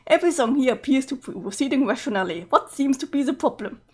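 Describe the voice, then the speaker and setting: A woman voicing a foul-mouthed, sarcastic teenage troll boy from a webcomic, in her own husky, fairly high voice. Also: expressive, fast talker. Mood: mocking. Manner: sarcastic, swearing.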